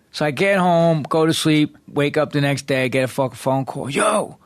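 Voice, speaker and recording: A man's voice: fairly high pitch, moderate pace, no room sound. A man on a podcast telling a rowdy story in casual, profane talk, acting out the voices of the people in it. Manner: profane, animated, acts out quoted voices. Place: podcast studio.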